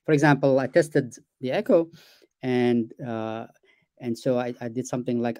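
A man hosts an interview, chatting animatedly with plenty of fillers and acting out short examples as he talks. His voice is mellow and dark-toned, recorded dry and close. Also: medium pitch, normal speed, no echo. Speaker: interview host. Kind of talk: casual conversational interview.

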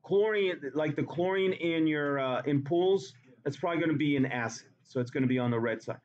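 A man's voice: a little high, a little fast, lo-fi sound. A man teaching a chemistry class in a classroom, talking playfully and repeating words for emphasis. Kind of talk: classroom lecture.

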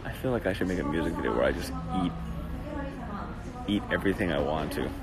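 Man hosting phone livestream, deep voice that swings widely, rambling jokey chat, noisy background. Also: lively intonation, fast, over a noisy crowd. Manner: rambling, jokey, greets viewers. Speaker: livestream host.

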